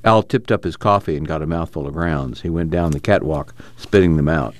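A man reading a novel aloud as narrator, measured and unhurried. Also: very deep voice, no room sound. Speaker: audiobook narrator. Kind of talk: scripted narration.

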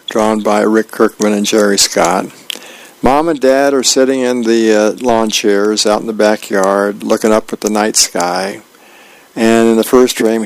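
A man, a volunteer reader, reading the newspaper aloud for a radio reading service in a plain, unhurried way with small hesitations. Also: lowish voice, creaky, no echo, low-quality recording.

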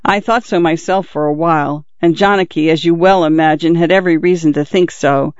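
A bashful young man in love, talking in a hurried, embarrassed rush, as a male reader puts him on. The voice sits a little high, and the recording is dull and dry, with no room sound. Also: steady tone, dry recording, natural voice. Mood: earnest. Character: young man, flustered and newly engaged.

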